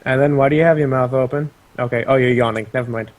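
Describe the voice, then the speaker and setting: A man narrating as game master of a tabletop game, casual and halting, with many pauses and ums. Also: mid-range voice, steady tone.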